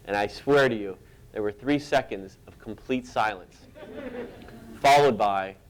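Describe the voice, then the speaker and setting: Self-deprecating man telling animated stories. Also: on the low side, a little slow. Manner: self-deprecating, animated storyteller who laughs at his own tales. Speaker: cartoonist guest. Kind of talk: anecdotal storytelling in an interview.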